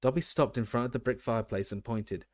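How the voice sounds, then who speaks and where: A man narrating an audiobook in a steady reading voice, now and then restarting a word. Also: medium pitch, fast talker, dry recording, studio quality. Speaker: audiobook reader.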